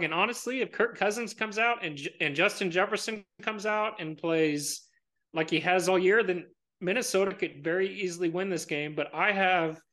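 A man talking football picks in a casual, rambling way, full of fillers and false starts. His voice sits a touch high and sounds bright and forceful. He lands his predictions with confidence. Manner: rambling with many fillers and restarts. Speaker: sports pundit. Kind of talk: casual sports talk.

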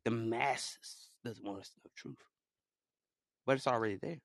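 A young man talking casually in a rambling solo monologue, swinging between low mutters and loud excited outbursts. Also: normal speed, no room sound, clean studio sound. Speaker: podcaster.

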